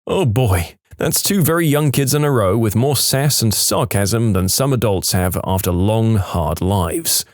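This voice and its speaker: Deadpan low-voiced male story reader. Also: a little slow, hardly any pauses, no echo, studio quality. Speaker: story narrator. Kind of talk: reading Reddit stories aloud.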